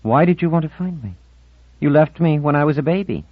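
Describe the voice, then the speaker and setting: A cold, guarded young woman, voiced by a male narrator, speaks in a raised, thin pitch. Her words come slowly and sound distant. The recording is dry and a bit dull. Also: expressive, no echo. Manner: cold, clipped.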